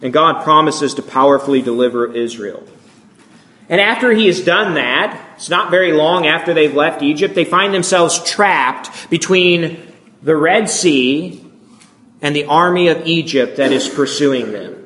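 A man's voice: a little high, moderate pace, fairly bright tone. A man giving a sermon, reading scripture and voicing the complaints with rising emphasis. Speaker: preacher.

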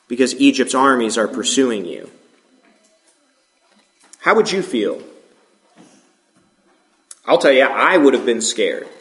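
Man preaching casually in an echoey room. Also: mid-range voice. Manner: relaxed, informal, asks the listeners questions. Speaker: pastor. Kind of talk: conversational sermon.

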